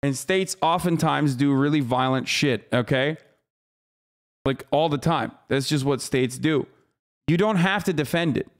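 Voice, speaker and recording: A man streaming live, reading news aloud and commenting on it with quick, profane, exasperated remarks. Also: fairly high pitch. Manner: rapid, profane, exasperated ranting.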